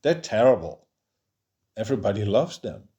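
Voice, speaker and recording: A man's voice: fairly low pitch, sing-song, moderate pace, dark tone. A man reading the lines of a suspicious, dismissive male rock singer in a storybook, with a cool, scornful manner.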